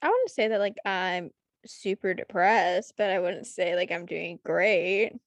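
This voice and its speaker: A woman's voice: lowish voice, animated, a little slow. A young woman in a casual podcast chat, talking hesitantly with plenty of fillers. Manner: hesitant, lots of fillers, laid-back. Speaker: podcast co-host.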